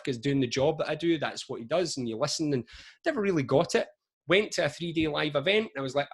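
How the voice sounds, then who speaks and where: A man in his forties, a motivational speaker, telling stories to camera on a video call in a chatty, lively way full of asides. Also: a little high. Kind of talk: energetic motivational talk to camera.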